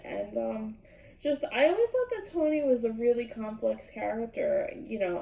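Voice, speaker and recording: A gushing woman rambles through her reaction with a gravelly edge to her voice. She sits back from a dull-sounding mic in an echoey room. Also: mid-range voice, distant mic. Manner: gushing, lots of "like" fillers. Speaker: YouTube host. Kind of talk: episode reaction vlog.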